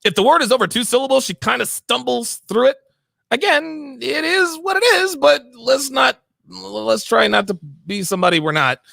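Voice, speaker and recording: Sarcastic high-pitched male streamer. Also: moderate pace, gravelly, pushed and bright, no echo, studio quality. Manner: sarcastic, repeats himself, laughs often; mimics the woman in a low mumbling voice. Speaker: commentary streamer reacting to a clip. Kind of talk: mocking reaction commentary.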